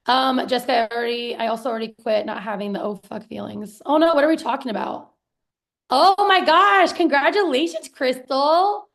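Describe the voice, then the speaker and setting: Woman in her thirties, live-stream business coach, excited and chatty, slightly high voice, gravelly fry, casual swearing. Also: moderate pace. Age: 30s. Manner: excited, chatty, swears casually, reads viewer comments aloud. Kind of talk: live-streamed sales pitch to viewers.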